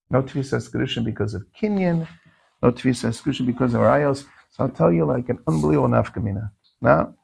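This Talmud teacher has a slightly high voice with a gravelly rasp, and his delivery swings up and down with energy. Throughout the lecture he asks his audience questions, then answers them himself in a sing-song cadence.

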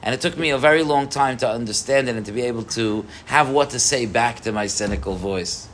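A man teaching a Torah class to a live group, animated, with rhetorical questions and frequent restarts. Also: medium pitch, fairly quick, a little hiss or hum.

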